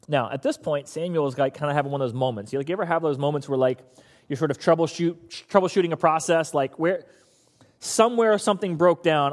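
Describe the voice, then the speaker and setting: A man preaching a sermon as pastor, an animated storyteller who acts out the characters. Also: fairly high pitch, fairly quick, in a large hall.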